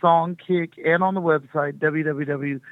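A woman's voice: low-pitched, fairly even intonation, measured pace, no echo. A middle-aged woman, a touring music artist, chatting upbeat and rambling as a guest calling into a radio show. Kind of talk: phone interview on radio. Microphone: phone call. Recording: tinny phone line.

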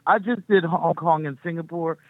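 A woman's voice: fairly low pitch, a little hiss or hum. Chatty middle-aged woman on a phone line. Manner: chatty, rambling, quick to laugh. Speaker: touring music artist, guest. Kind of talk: casual phone interview.

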